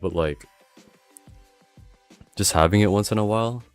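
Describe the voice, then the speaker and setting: A young man reading a visual novel on stream, chatting in a laid-back, slangy way and laughing often, a little rough from a lingering cough. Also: fairly low pitch, moderate pace, faint music behind. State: recovering from a cough. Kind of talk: casual live commentary.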